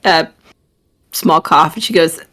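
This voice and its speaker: A woman with a somewhat low voice narrates her character's actions in a casual tabletop game. She laughs easily, stumbles and restarts her sentences. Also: slow pace, fairly bright tone.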